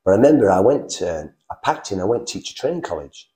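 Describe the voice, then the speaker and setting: Lively man telling his story. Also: lowish voice. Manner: animated, acts out dialogue with quick voice shifts. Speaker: interview guest sharing a faith testimony. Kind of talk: conversational storytelling.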